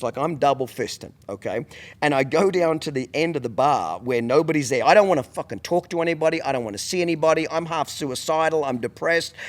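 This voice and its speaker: A middle-aged man hosting a podcast, telling a story in a blunt, profane, emphatic way. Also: fairly high pitch. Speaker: podcast host. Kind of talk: casual storytelling.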